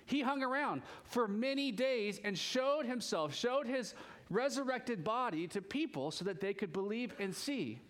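A male pastor with a high-pitched voice delivers a relaxed, conversational sermon. He sounds chatty and animated and jokes easily with his congregation. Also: measured pace.

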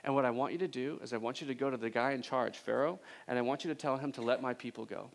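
A man voicing God speaking from a burning bush, calm and hushed. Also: mid-range voice, fast, gravelly, lightly acted. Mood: calm, commanding.

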